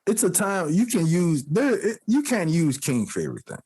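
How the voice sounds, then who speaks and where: A podcast co-host with a slightly rough, higher-than-average voice speaks at a normal speed. Chatting casually, he recounts stories with animated impressions of the people involved and frequent laughter.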